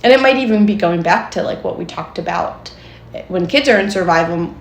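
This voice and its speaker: A woman's voice: lowish voice, expressive, brisk, echoey room, a little hiss or hum. A young adult woman co-hosting a podcast as a therapist, explaining in a chatty way with many fillers and frequent laughs. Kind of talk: casual podcast conversation.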